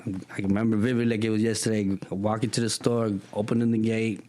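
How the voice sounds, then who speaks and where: A man's voice: on the low side, quick pace. A middle-aged man from Texas, telling stories in an interview and acting out the people in them. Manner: animated, acts out quoted people in raised voices. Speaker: guest. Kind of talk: storytelling interview.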